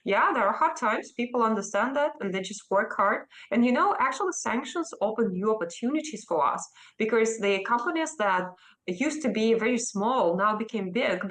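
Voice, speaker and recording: A Russian-accented woman in her thirties answers a news interviewer's questions. She speaks emphatically and earnestly, and her voice often leaps higher as she makes a point. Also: lively intonation, normal speed, a bit bright, poor audio. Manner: emphatic and earnest, with sudden rises in pitch. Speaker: interview guest.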